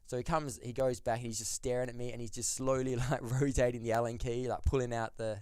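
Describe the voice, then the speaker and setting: A man's voice: medium pitch, level tone, quick pace, darkish tone, clear, resonant tone, dry recording, studio quality. A man telling a story as a podcast guest, rambling, with lots of "like" and restarts. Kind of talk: casual storytelling.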